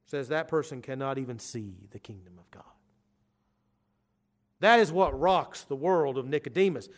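A man preaching a sermon, moving from quiet explanation to urgent, emphatic declarations. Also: medium pitch, lively intonation, moderate pace. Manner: emphatic, swings from quiet asides to urgent loud stresses.

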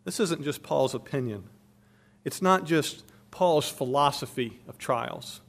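A man's voice: mid-range voice, animated, unhurried, creaky. A man preaching a sermon, expounding a passage with emphatic stress, his volume rising and falling.

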